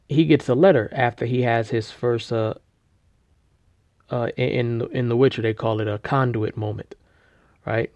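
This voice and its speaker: A man casually retelling a story, rambling with slang, fillers and restarts, and getting loud and animated at the big moments. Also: mid-range voice, no room sound. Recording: dull lo-fi recording.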